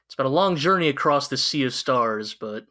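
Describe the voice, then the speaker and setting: A man co-hosting a podcast, chatting about an anime in an excitable, rambling way, with frequent restarts and swearing. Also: medium pitch, moderate pace. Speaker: podcast co-host. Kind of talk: casual anime review chat.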